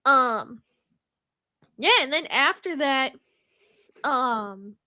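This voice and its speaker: A woman's voice: high voice, lively intonation, drawn-out words, pushed and bright, no echo, studio quality. A woman co-hosting a podcast, casually retelling a story with mocking asides and frequent laughter. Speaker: podcast co-host. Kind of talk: casual chat.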